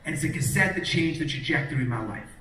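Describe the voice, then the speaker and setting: A middle-aged man telling an energetic, punchy story to a live audience as a motivational speaker, acting out the quotes. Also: on the high side, fast, a little hiss or hum. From New York, Long Island. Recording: echoey hall, distant mic.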